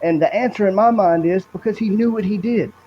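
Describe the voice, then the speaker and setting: On a podcast, the subject's brother shares emotional stories at length, rambling while staying earnest and blunt. This young man's voice sits high and moves fairly quickly; the dull lo-fi recording carries slight background noise.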